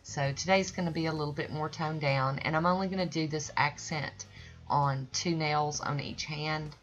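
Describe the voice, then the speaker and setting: A woman's voice: deep voice, steady tone, normal speed. A woman hosting her own nail art channel, giving a chatty, folksy tutorial voice-over that rambles and sometimes loses its thread. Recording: dull lo-fi recording with faint music.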